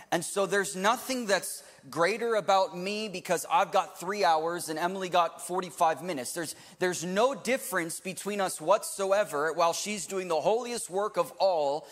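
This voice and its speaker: A man in his thirties preaching a sermon to a live congregation, swinging from loud to hushed. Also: high voice, long reverb tail. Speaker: pastor. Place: church hall with live audience.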